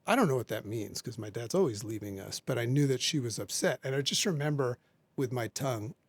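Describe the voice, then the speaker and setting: A man's voice: mid-range voice, animated, fairly quick, gravelly, dry recording. A man, a podcast guest, earnestly recounting a personal story and repeating key points for emphasis.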